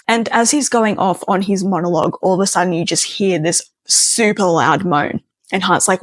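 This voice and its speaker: A woman's voice: lowish voice, brisk, dry recording. A woman telling a casual story, chatty and wry, with lots of "like" fillers. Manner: chatty, heavy use of filler "like", wry asides. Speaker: storyteller, doctor.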